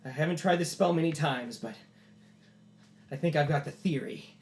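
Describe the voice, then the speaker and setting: A man's voice: fairly high pitch, moderate pace, a little mellow, a little hiss or hum, pitched above the performer's own voice, close to an everyday voice. A man voicing a tormented man losing control of his magic, who cries out and pushes back in defiance. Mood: defiant. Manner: panicked, then defiant.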